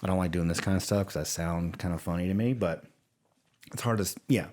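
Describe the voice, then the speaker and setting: Louisiana-accented male podcast guest, low pitch, folksy storyteller. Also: fast talker, darkish tone. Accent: Louisiana Southern. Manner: folksy, laughs often. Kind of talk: casual conversation.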